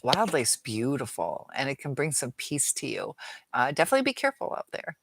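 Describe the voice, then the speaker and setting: A woman's voice: a bass voice, wildly swooping pitch, brisk, slight background noise. A middle-aged woman hosting a live chat, rambling casually through viewer comments and laughing often.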